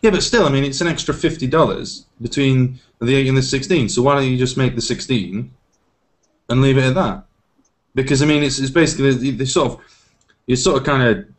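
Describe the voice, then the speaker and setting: A man on a casual tech podcast panel, skeptical and argumentative. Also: medium pitch. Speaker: co-host panelist.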